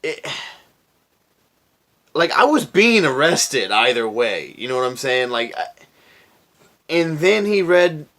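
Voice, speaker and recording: A man's voice: fairly high pitch, very animated, takes it slowly, long pauses, a bit bright. A young man from Florida telling a story to camera in a casual, profane, laid-back way, often raising his voice to quote himself. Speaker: vlogger.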